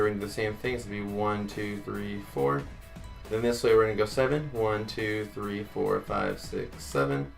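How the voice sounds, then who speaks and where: A man's voice: lowish voice, gravelly. A man hosting a casual game-building tutorial, talking chattily to viewers and counting blocks aloud. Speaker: Minecraft tutorial host.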